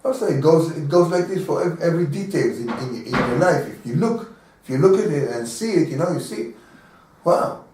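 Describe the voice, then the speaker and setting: An animated rabbi tells a teaching story in a class, acting out the voices of its characters and chuckling. His male voice sits on the high side at a moderate pace. The echoey room is recorded from far off, with faint background noise.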